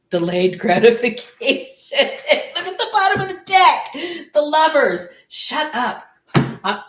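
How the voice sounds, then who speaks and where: An American woman talks through a tarot reading at an unhurried pace, candid and quick to laugh, with a swear word here and there. Her voice sits at a middle pitch and bounces around a roomy, echoey space. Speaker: tarot reader. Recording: roomy echo.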